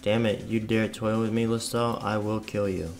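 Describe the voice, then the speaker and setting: A scheming female demon sorceress gloats and sneers, voiced by a man reading game text. The voice sits low with a gravelly edge. Soft game music plays underneath. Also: level tone, normal speed. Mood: furious. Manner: mocking, gloating. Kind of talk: reading game dialogue aloud. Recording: faint game music behind.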